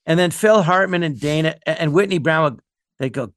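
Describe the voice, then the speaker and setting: A middle-aged man co-hosting a podcast, telling animated stories and slipping into quick character voices. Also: a little high, dry recording, clean studio sound. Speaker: podcast co-host. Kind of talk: casual chat.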